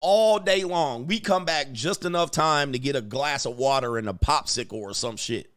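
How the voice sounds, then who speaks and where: Speaking at a moderate pace, this man has a medium pitch that comes across pushed and bright. As host of crude, casual livestream commentary, he tells stories full of profanity and laughter.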